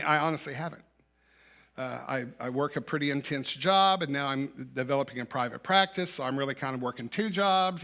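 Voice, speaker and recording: Man, sermon, conversational storytelling, rhetorical questions, bright tone, church. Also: a little high. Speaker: minister. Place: church sanctuary.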